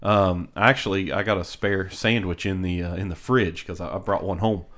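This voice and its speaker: A man's voice: low voice, fairly even intonation, normal speed, a bit bright. A man co-hosting a podcast, telling stories in casual chat, rambling with restarts and frequent laughter. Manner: rambling storyteller, laughs often, many restarts. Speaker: podcast co-host.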